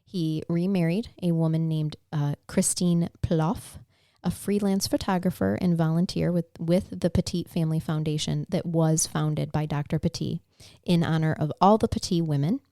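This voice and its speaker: A woman's voice: deep voice, steady tone, moderate pace, mellow, dry recording, clean studio sound. A woman co-hosting a casual true-crime podcast, telling a case in a conversational way and getting emotional at times. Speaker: podcast co-host.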